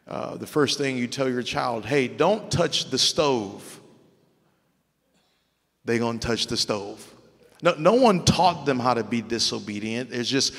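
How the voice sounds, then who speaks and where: A man's voice: mid-range voice, gravelly, fairly bright tone. A man from Louisiana preaching a sermon as pastor, speaking with proper, polished diction and repeating words as he works through his points. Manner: earnest preaching with frequent word repeats. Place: church sanctuary. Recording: long hall reverb.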